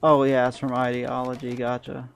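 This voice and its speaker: A man's voice: mid-range voice, completely flat delivery, moderate pace, gravelly, a little hiss or hum. A man streaming a strategy game, muttering through his plans and chatting bluntly to viewers with crude humor. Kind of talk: casual gameplay commentary.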